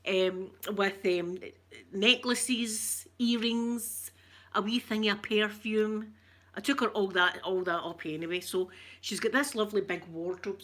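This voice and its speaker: A Scottish woman vlogger with a mid-range, fairly bright voice greets her viewers while telling a rambling, emotional story in casual chat.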